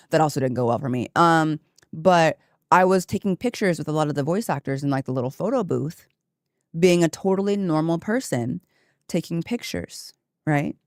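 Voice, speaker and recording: A woman streamer chatting casually with her viewers, telling a story with lively asides and laughter. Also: rumbling low, no room sound, studio quality.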